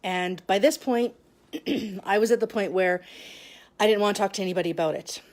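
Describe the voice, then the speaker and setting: A woman shares a personal story in a confessional vlog, talking to the camera in a middle-pitched, darkish voice. She sounds emotional and close to tears, speaking haltingly, often restarting sentences and pausing for long stretches.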